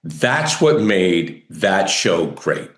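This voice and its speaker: A man's voice: low-pitched, very animated, drawn-out words, fairly bright tone, reverberant. A man hosting an interview, talking enthusiastically and rambling with many fillers. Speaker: podcast host. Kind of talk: interview conversation.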